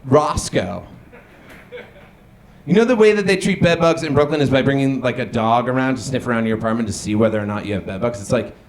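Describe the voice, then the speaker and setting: A young man doing a deadpan observational stand-up comedy set on a small bar stage, with some crowd work. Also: medium pitch, brisk, a little hiss or hum. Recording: echoey bar room with ambience.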